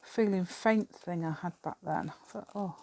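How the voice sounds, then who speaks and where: A woman's voice: fairly low pitch, moderate pace, vocal fry, warm tone. Chatty English woman, middle-aged. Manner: rambling, chatty, laughs often. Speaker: craft vlogger. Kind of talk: casual chat while crafting.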